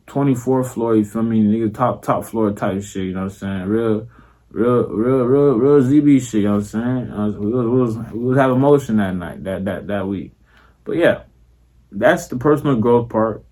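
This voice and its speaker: Young man, Florida accent, casual vlog monologue, slangy, profane, mid-pitched. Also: a little mellow. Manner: slangy and profane, repeats "you feel me". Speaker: content creator.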